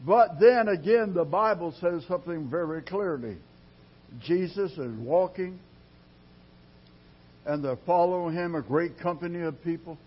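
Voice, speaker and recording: Slow husky preacher man, lo-fi recording. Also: high-pitched. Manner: dramatic preaching with sudden loud rises and quiet drops; slow, drawn-out delivery. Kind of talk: sermon. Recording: dull lo-fi sermon recording.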